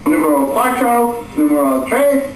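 A cheery puppet waiter, put on by a man, chirps his menu in a high voice that swoops all over. The voice rings with heavy echo from a distance, with steady noise behind it. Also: normal speed. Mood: chirpy. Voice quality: high, sing-song, fake Spanish words. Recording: very echoey, distant, noisy room.

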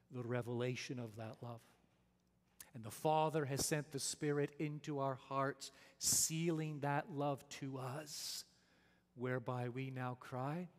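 A man preaching a sermon, emphatic and deliberate, posing rhetorical questions to his listeners and slowing down to stress key phrases. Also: medium pitch. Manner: emphatic, asks rhetorical questions and answers them. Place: church sanctuary. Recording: long reverb of a church sanctuary.

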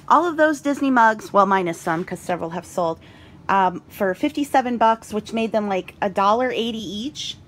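A woman with a fairly high voice vlogs from her home basement about her eBay reseller sales, sounding out of breath. She rambles a bit and leans on fillers, and there's slight background noise.

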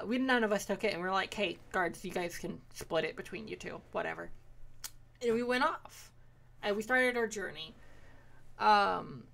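A young woman tells the story of her tabletop campaign in a loose, rambling way, cursing freely and dropping into quick quoted lines. Her pitch sits in an ordinary middle range. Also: fairly bright tone. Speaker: player recapping a tabletop campaign. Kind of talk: casual recap of game sessions.

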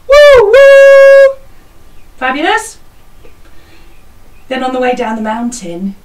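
A woman teaching children a song, speaking slowly and clearly, singing lines and modelling the sound effects for them. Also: fairly high pitch, roomy sound, distant mic, low-quality recording. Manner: slow, clear and encouraging, sings parts and animal sounds. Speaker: music teacher leading a school singalong.

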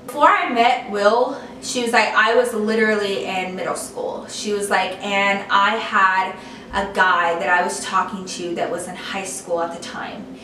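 A woman's voice: medium pitch, steady tone, measured pace, pushed and bright, a little hiss or hum. A young woman vlogger telling a story in a casual, chatty way, filling her talk with "like.". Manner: chatty, heavy use of "like". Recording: echoey room from a distance.

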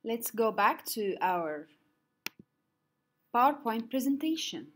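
A woman teaching an online lesson, saying words slowly and stretching them out to clap their syllables. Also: fairly high pitch, very animated, slight background noise. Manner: slow, drawn-out words for clapping syllables; some slips and restarts.

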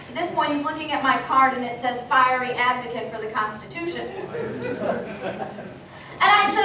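A high-voiced woman tells a story to a gathered crowd, acting out the lines she quotes. Her tone is bright and carrying. She sounds far from the mic, in a strongly echoing meeting hall with faint background noise. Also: moderate pace. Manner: animated, acts out quoted exchanges. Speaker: speaker at a political meeting. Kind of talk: storytelling speech to an audience.

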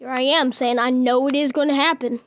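High-voiced woman doing playful game commentary. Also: fairly even intonation, fast, a bit bright, no room sound, dull audio. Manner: playful, teasing, talks to her game characters. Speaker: gaming video host. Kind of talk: casual gameplay commentary.

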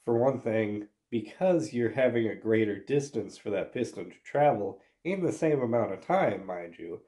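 A man's voice: on the low side, animated, moderate pace, mellow. A man with a stuffy nose from a cold, talking in a nasal voice as he casually explains a job in his garage. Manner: folksy, hands-on explaining. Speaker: garage channel host. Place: home garage.

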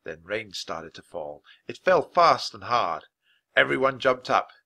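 A man reading a children's chapter book aloud at a clear, natural pace for English learners. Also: mid-range voice, big pitch swings, pushed and bright. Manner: clear, unhurried storytelling. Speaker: audiobook narrator.

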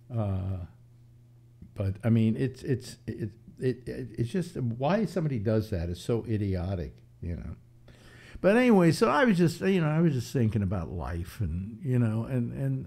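A man's voice: medium pitch, vocal fry, dark tone. A man in his seventies hosting a casual talk show, rambling through philosophical musings with frequent restarts. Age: 70s. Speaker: host.

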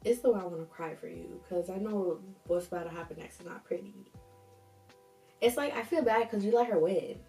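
Host, young woman: sassy, chatty storytime reader, low mellow voice, roomy echo, a bit off-mic. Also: brisk, distant mic, soft background music. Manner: sassy, chatty, reacts with slang asides. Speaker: host reading viewer stories. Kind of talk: casual storytime commentary.

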